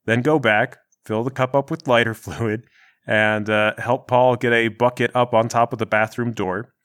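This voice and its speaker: Mid-pitched man describing his moves. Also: flat delivery, normal speed, fairly bright tone. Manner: describing his actions step by step. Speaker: player. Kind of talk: tabletop game play.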